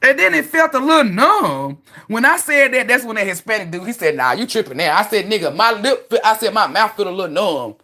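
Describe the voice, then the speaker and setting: Woman host, casual live stream, swings pitch a lot, swears freely, rambles. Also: brisk, few pauses. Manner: animated, profane, rambling storyteller. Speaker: livestream host. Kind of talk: casual livestream storytelling.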